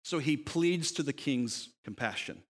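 Animated preacher in a reverberant hall. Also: male voice, a little high, unhurried. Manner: animated storytelling, voicing characters in quotes, rhetorical questions. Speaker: pastor. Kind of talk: sermon.

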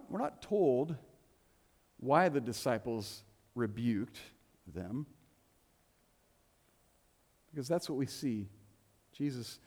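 A man's voice: medium pitch, a little mellow. A man preaching a sermon as a pastor in a church, conversational and joking, with playful asides. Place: church sanctuary. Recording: long reverb of a church hall.

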